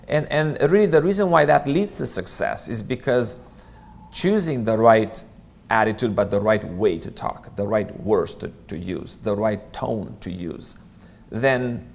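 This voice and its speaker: With a lowish, creaky voice, a church teacher guides a Bible study, speaking sincerely and casually with plenty of restarts.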